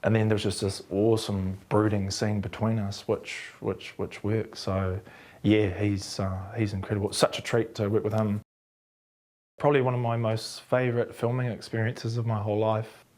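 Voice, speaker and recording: A man's voice: lowish voice, moderate pace. A man with a New Zealand accent, an actor telling anecdotes in an interview and acting out what others said. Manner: animated, acts out quotes of others.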